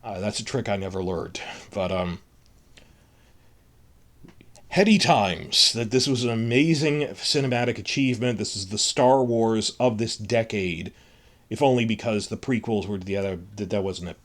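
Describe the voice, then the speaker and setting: A man's voice: lowish voice, moderate pace. A man hosting a solo podcast, rambling emotionally through a film review, restarting his sentences.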